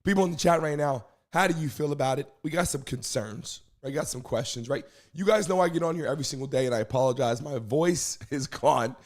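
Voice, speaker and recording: A man hosting a live stream show, hoarse from losing his voice, talking casually and energetically while greeting viewers in the chat. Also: on the high side, fairly quick, hardly any pauses.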